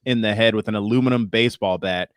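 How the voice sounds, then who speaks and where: A man's voice: on the low side, fast, clean tone, no echo, clean studio sound. A man co-hosting a casual video-call chat, telling stories in a laid-back, profane way. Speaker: podcast co-host. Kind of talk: casual chat among comedians.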